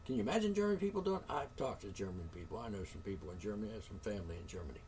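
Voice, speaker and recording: A man's voice: on the low side, lively intonation, rapid-fire, darkish tone, distant mic, a little hiss or hum. A man hosting a solo talk show, ranting indignantly with curses, sighs and sarcastic asides. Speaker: show host.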